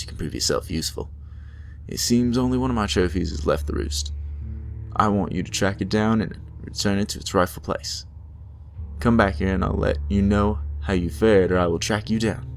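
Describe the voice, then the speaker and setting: A man's voice: low voice, moderate pace, vocal fry, slight background noise. A man voicing a blustering old male ghost who hunts big game. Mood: menacing.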